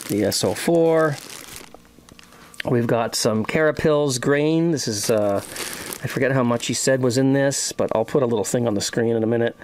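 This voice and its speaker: A man hosting a casual homebrewing vlog, talking in a halting way with many restarts and plenty of thanks. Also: medium pitch, slight background noise. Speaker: homebrewing vlogger.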